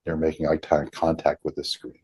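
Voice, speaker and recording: A man leading a group healing session over a video call, speaking slowly and deliberately and softly repeating affirmations. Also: extremely low pitch, monotone, husky, no echo.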